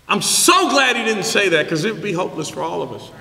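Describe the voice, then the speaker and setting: A man preaching a sermon as pastor, emphatic and building to shouts, with call-and-response questions to the congregation. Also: high-pitched, big pitch swings, quick pace, creaky, hardly any pauses. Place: church sanctuary. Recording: echoey hall reverb.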